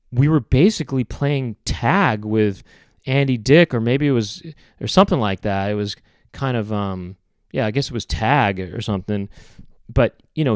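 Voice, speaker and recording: A man hosting a podcast, telling a rambling comic story in a deadpan way, full of fillers and self-corrections. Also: medium pitch, clear, resonant tone, no room sound, studio quality. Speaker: podcast host. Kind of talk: rambling comedic monologue.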